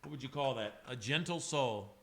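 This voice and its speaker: Speaking at normal speed with a medium pitch, a man livestreams his airbrush work from a home studio. He chats emotionally and loosely, wandering off topic, swearing, and naming people in chat.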